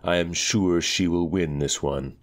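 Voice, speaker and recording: A man voicing a courteous young cousin who speaks quietly and formally. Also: deep voice, a little slow.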